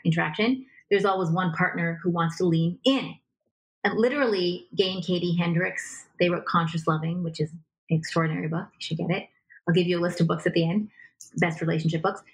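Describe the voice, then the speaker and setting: A woman coaching on relationships as a guest in an interview, lively and acting out example dialogue as she explains. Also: on the low side, low-quality recording. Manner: animated, acts out example dialogue. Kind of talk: conversational advice in a podcast interview.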